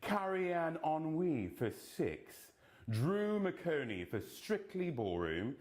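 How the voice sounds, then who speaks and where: A man announcing award nominations, reading the names deliberately and dropping playful, camp jokes between them. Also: on the high side, big pitch swings, a little mellow.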